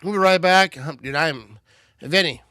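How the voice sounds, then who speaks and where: A man's voice: fairly high pitch, moderate pace, smooth, no echo, studio quality. A man hosting a live watch party, joking and calling plays, a bit tipsy. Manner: loud, joking play-by-play banter. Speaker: livestream host.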